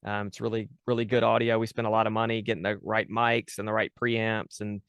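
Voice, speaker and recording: A man's voice: fairly low pitch, level tone, a little fast, fairly bright tone, smooth, dry recording, clean studio sound. A man chatting casually as a guest, talking about running his tabletop game podcast, with many fillers and restarts. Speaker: podcast dungeon master, guest. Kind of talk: casual interview chat.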